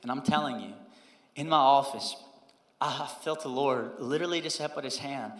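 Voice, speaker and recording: Bright-voiced man preaching in an echoey hall. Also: moderate pace. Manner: storytelling, conversational and animated, drops low and soft when quoting the Lord. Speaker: pastor. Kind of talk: sermon. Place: church sanctuary. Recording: echoey church hall with long reverb.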